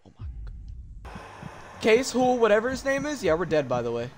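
A young man streaming a horror game, talking in casual slang and switching from low mutters to sudden yelps. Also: normal speed, a little hiss or hum. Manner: animated, slangy, jumps from mumbles to yelps. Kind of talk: live horror game commentary.

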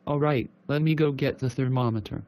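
A synthetic male text-to-speech voice playing a fussy, gullible mother in a cartoon, with a flat, even delivery. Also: mid-range voice, fairly quick, lightly acted. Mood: concerned.

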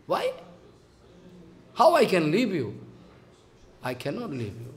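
Acting as a spiritual teacher, a man with a Bengali accent delivers a devotional sermon, repeating phrases, performing quotations, and scolding his listeners emphatically. His voice is high-pitched with huge swings in pitch, and he speaks slowly with frequent pauses.

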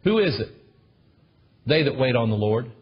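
Husky preacher pressing his point. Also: medium pitch, very animated, moderate pace. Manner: emphatic, repetitive, calls for amens. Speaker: pastor. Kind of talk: sermon. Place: church with a congregation. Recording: dull lo-fi recording.

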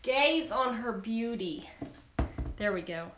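A woman's voice: on the high side, expressive, takes it slowly, echoey room, background noise. A woman hosting a live cooking demonstration, chatty and bubbly as she talks straight to her viewers in a kitchen. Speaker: cooking show host.

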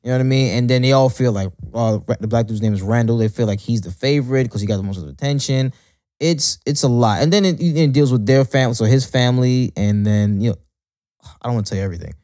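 A man's voice: medium pitch, fast talker, dark tone, dry recording, clean studio sound. A man in his late twenties co-hosting a podcast, chatting casually with many restarts, repeated words and swearing. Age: late 20s. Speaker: podcast co-host. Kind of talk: casual chat.

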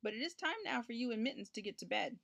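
A woman voicing a gentle but firm storybook mother, soothing and reassuring. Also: on the high side, animated, quick pace, creaky, breathy edge, dry recording, heavily acted.

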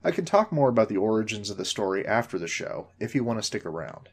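A man's voice: fairly low pitch, big pitch swings, quick pace, breathy edge. A man in his forties hosting a story podcast, reading the narration in a dry, wry manner.

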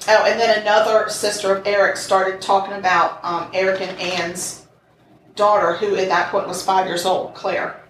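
A woman co-hosting a podcast, telling a true crime case in casual chat that is animated, blunt and peppered with crude jabs. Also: medium pitch, moderate pace. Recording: roomy and distant with faint noise.

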